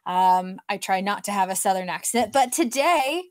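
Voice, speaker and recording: A woman's voice: medium pitch, fairly even intonation, moderate pace, darkish tone. A woman from Oklahoma co-hosting a casual fan podcast, talking in a bubbly, enthusiastic way. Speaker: podcast co-host. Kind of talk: casual chat.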